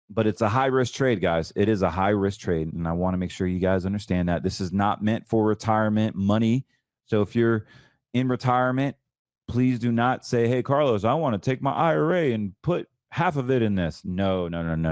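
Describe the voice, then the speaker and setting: A man with a fairly low voice talks casually about trades, chatty and emphatic, stumbling now and then and correcting himself. The sound is dry and close, with no room around it. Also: a little mellow, clear, resonant tone, dry recording. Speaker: financial show host. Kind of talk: casual market commentary.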